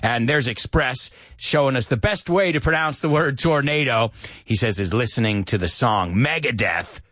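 A man hosting a live English lesson in a playful, animated way, drilling words aloud and mixing in Spanish. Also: medium pitch, normal speed, dry recording, studio quality. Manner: mixes Spanish into his English. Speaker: host of an English pronunciation show.

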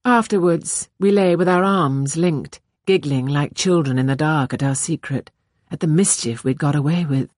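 Woman, audiobook narrator, husky soft voice, dry close sound, measured intimate first-person reading. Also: low voice, dry recording. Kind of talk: scripted narration.

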